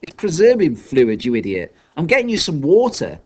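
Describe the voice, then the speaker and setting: A man voicing a sharp-tongued, impatient young girl inventor who talks scornfully and hisses her warnings. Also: a little high, wildly swooping pitch, normal speed, pitched above the performer's own voice. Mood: exasperated. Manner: scornful, hissing, exasperated.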